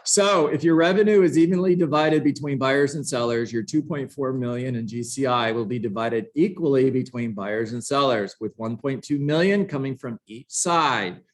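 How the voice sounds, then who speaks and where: A man's voice: mid-range voice, normal speed, hardly any pauses. A man teaching a live book-study lesson to a room of agents, passionate and emphatic, with sarcastic asides. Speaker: real estate trainer.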